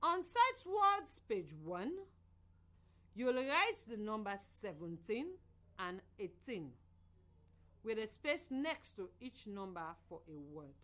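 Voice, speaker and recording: A woman from Sierra Leone teaching a children's reading lesson on the radio in a slow, clear, sing-song voice. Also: fairly high pitch, big pitch swings, a bit bright.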